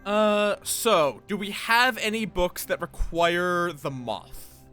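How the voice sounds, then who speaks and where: High, lively-voiced tired male streamer. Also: slow pace, soft background music. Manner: muttering to himself, thinking aloud. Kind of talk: casual gameplay commentary.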